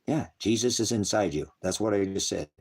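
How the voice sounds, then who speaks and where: A man's voice: fairly quick, a little mellow, slightly rough. Profane, mocking male preacher. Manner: mocks others in shrill put-on voices. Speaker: online preacher. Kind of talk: livestream preaching, reading chat.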